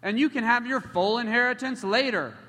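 Preacher playing a jovial god handing out gifts, bright and upbeat, echoey room. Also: male voice, very high-pitched, a little fast, voice pushed up. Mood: generous, upbeat. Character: generous, jovial God granting a double inheritance. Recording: echoey hall.

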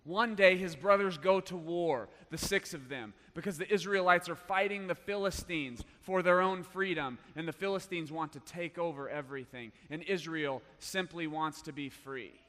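A man preaching a sermon, telling a story with big swings between loud bursts and hushed lines. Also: a little high, normal speed, few pauses. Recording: long hall reverb.

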